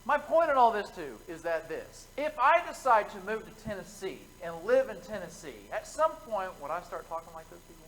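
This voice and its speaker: A man's voice: high voice, sing-song, normal speed, hardly any pauses, a bit bright, poor audio. A man preaching an evening sermon in a church, telling folksy stories with asides to the congregation. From United States. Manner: conversational storytelling, folksy asides. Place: church sanctuary.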